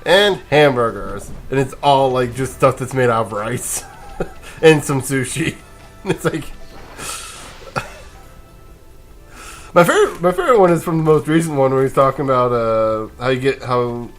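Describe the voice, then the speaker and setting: A sleepy man talks through a video game session in a loose, rambling way, chuckling and restarting his sentences as he goes. His voice sits at an ordinary middle pitch, with faint game music playing underneath. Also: normal speed, long pauses. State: sleepy, yawning. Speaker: let's play gamer. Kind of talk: casual gameplay commentary.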